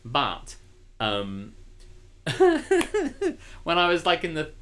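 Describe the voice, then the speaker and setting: A man's voice: on the high side, lively intonation, drawn-out words, bright, forceful tone. A man, co-hosting a casual stream and telling rambling, laughing anecdotes. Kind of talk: casual chat.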